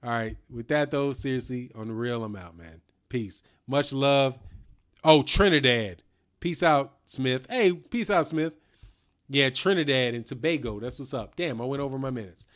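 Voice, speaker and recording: A man's voice: mid-range voice, moderate pace, a bit bright. A man hosting a casual live stream, talking loosely in slang, reading out viewer comments and a little tipsy from whiskey.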